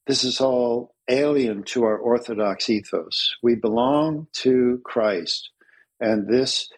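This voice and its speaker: A man with a husky, slightly breathy voice talks in an earnest, measured way. He often slows down to press a point home, with plenty of pauses and fillers along the way. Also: medium pitch, poor audio. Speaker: interview guest, Orthodox clergy author. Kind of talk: thoughtful conversational interview.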